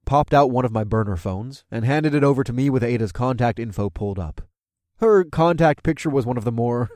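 A man's voice: mid-range voice, darkish tone, no room sound, clean studio sound. A man reading a first-person story aloud in a casual, chuckling manner. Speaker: audiobook narrator. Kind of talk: first-person audiobook narration.

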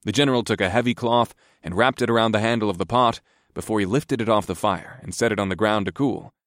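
A male narrator reading a first-person fantasy audiobook, steady and even in his storytelling. His voice sits low, and the recording is close and dry, with no room sound. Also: fast talker, no room sound.

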